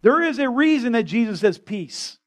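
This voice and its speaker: A man's voice: very high voice, very animated, moderate pace. A man preaching a conversational, impassioned sermon as pastor in a church. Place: church sanctuary.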